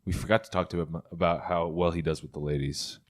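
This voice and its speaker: Low-voiced male host, relaxed and friendly in casual talk. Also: quick pace. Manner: easygoing, hearty sign-offs. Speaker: podcast host. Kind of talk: casual chat.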